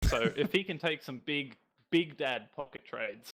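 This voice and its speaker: A man's voice: on the high side, animated, a little slow, fairly bright tone, low-quality recording. A man giving casual, chatty analysis as colour commentator on a live esports broadcast.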